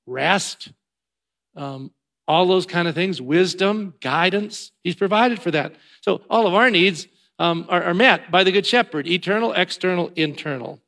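A male preacher giving a sermon, shifting between loud emphatic lines and quiet, low passages, with repeated rhythmic phrases.

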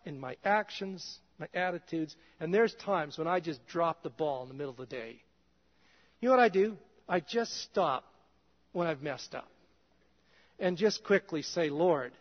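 A male pastor preaching a conversational sermon in a church, his voice dropping soft and low at times. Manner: conversational, drops soft and low in quoted prayers. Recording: dull reverberant hall sound.

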